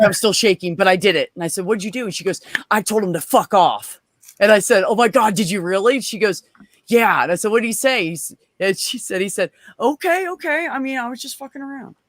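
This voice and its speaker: A man's voice: sits high, dry recording. A man co-hosting a podcast, telling a story in casual chat, swearing a lot and acting out quoted voices. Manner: animated, profane, acts out quoted voices.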